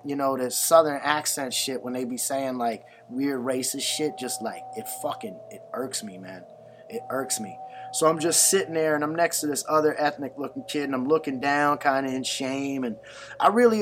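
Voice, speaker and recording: A man's voice: fairly high pitch, a bit bright. An adult man telling a personal story in a candid, conversational way, swearing often and using many fillers. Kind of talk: casual storytelling monologue.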